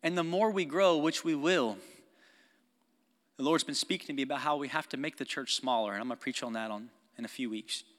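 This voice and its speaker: A man preaching a sermon as pastor, passionate, swinging between loud exhortation and quiet, intimate talk, with frequent laughs and asides to the congregation. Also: medium pitch, fairly quick. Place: church sanctuary. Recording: long reverb of a church hall.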